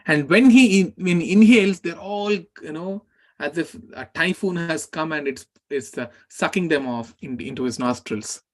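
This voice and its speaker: Animated scripture teacher. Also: male voice, on the high side, moderate pace. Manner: animated retelling, voicing the characters' words. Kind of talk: storytelling scripture class.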